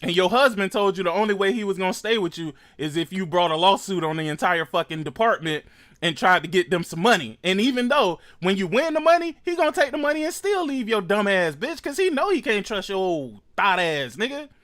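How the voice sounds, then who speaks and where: A man hosting a reaction commentary show, ranting loudly and mockingly with heavy profanity. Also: high-pitched, expressive, brisk. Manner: loud, profane, mocking rants. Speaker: commentary host.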